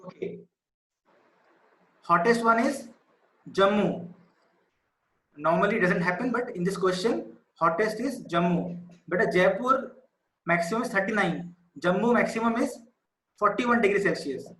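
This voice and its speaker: A man's voice: sits high, expressive, a little slow, long pauses, fairly bright tone. A male teacher, patiently explaining a maths lesson to students over a video call. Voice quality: patient, explanatory, repeats key numbers. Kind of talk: online class lesson. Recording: echoey room.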